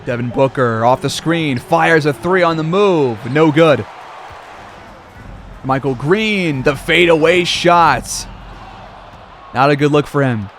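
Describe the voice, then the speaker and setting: A man's voice: a little high, takes it slowly, long pauses, a bit bright, faint music behind. A man calling a simulated basketball game play-by-play like a sportscaster, with casual asides. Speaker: gaming video creator.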